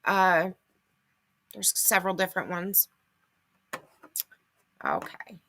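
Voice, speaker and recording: Chatty bright-voiced woman livestream host. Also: fairly low pitch, very animated, slow pace, a little hiss or hum. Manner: chatty, reads off items and answers comments. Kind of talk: casual livestream chat.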